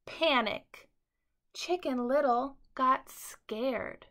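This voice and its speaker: A woman teacher reading a bedtime story aloud to children in an expressive, dramatic way. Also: on the high side, takes it slowly, gravelly.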